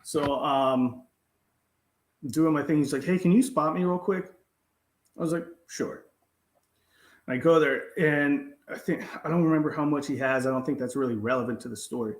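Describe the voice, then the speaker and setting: Telling stories in casual chat, this podcast co-host freely swears and performs the quotes he recounts. He speaks in a mid-range voice at a moderate pace with fairly even intonation, recorded in an echoey room.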